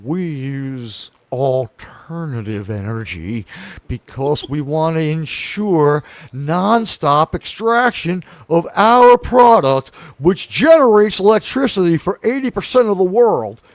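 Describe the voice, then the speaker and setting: A man putting on a gruff, blunt middle-aged oilman who lectures in a preachy rant. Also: a little high, animated, slow, dry recording. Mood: lecturing.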